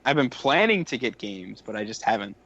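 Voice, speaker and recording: A man's voice: fairly low pitch, sing-song, brisk, fairly bright tone, highs cut off. A young man co-hosting a casual gaming podcast who answers dryly and briefly, sometimes exasperated. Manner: dry, exasperated, brief replies. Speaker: podcast co-host.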